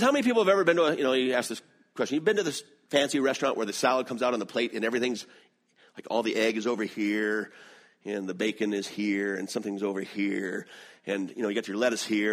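Middle-aged southern guy preaching, tells stories with lots of ups and downs. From American South. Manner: animated storytelling with lively swings in pitch. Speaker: pastor. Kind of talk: sermon.

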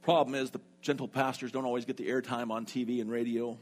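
A middle-aged male pastor delivers a sermon in a medium-pitched voice. He is a lively storyteller, slipping into the voices of the people in his story before drawing out its lesson. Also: fast talker. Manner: lively storyteller who acts out what people said.

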